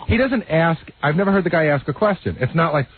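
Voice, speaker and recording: A man's voice: a little high, lively intonation, slightly rough. A man on a radio show telling a story in casual banter, talking at speed. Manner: rapid storytelling. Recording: narrow phone-like radio broadcast.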